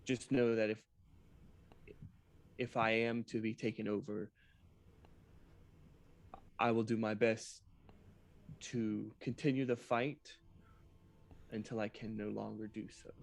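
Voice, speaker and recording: A man voicing a grave male warrior who fights an inner darkness, speaking slowly and solemnly in a tabletop game. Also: lowish voice, level tone, gravelly.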